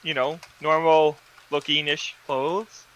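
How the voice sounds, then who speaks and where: A man's voice: on the high side, flat delivery, slow, fairly bright tone, rough recording. A man talking about his character in a casual podcast chat, hesitant and full of uhs. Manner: hesitant, lots of uhs, plain own voice. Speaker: podcast player.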